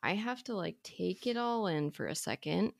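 A woman's voice: mid-range voice, animated, normal speed, gravelly, no echo, studio quality. A woman co-hosting a parenting podcast, talking thoughtfully and hesitantly with many fillers. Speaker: podcast co-host. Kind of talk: casual parenting podcast chat.

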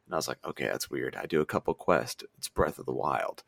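A man's voice: a bass voice, animated, quick pace, creaky, dry recording. A man co-hosting a podcast, chatting casually in a laid-back, joking way that includes swearing. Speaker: podcast co-host. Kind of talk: casual chat.

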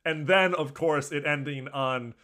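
A man's voice: a little high, measured pace, bright, forceful tone. Chatty podcast co-host, a man. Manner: enthusiastic, quoting lines. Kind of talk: casual podcast chat.

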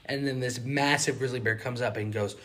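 Young Southern male co-host, casual storyteller, lively with quotes and sound effects. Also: mid-range voice, fairly quick. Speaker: podcast co-host.

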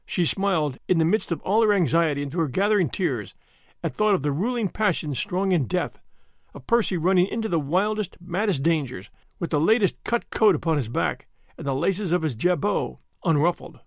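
Brief: male narrator, slightly high, lively classic-novel reading. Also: moderate pace, no room sound, clean studio sound. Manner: expressive storytelling. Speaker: audiobook narrator. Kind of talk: scripted narration.

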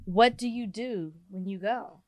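A woman co-hosting a podcast in casual chat, teasing and quick to call her co-host out. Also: mid-range voice, no echo, clean studio sound.

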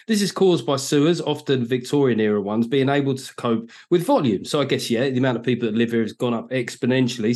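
British male host, mid-range voice, thinks out loud and tees up questions. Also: medium pitch. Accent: British English. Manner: musing, poses questions to set up topics. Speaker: podcast host. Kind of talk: casual chat.

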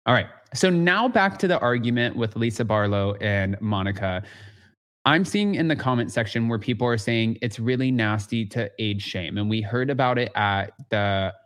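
A man's voice: medium pitch, animated, moderate pace, fairly bright tone. A man hosting a casual recap podcast, chatty and gossipy, filling his talk with "like". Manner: chatty, gossipy, heavy use of "like". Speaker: podcast host.

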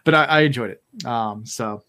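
Hosting a laid-back podcast, this man sounds weary yet pushed and bright, speaking at a normal speed in a medium pitch. His talk wanders from story to story, heavy with filler words.

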